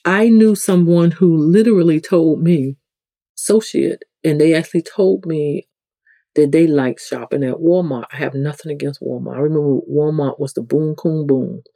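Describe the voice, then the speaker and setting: New York-accented spiritual host, loose chatty teaching, warm tone, dry recording. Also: moderate pace, dry recording. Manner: conversational, rambling, with frequent restarts; acts out quoted people with sudden pitch jumps. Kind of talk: casual spiritual teaching talk.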